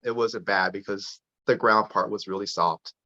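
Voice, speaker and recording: A man telling a personal story as a guest on a podcast interview, lively and full of restarts. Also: fairly low pitch, normal speed. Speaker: podcast guest, parent advocate. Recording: dull lo-fi sound.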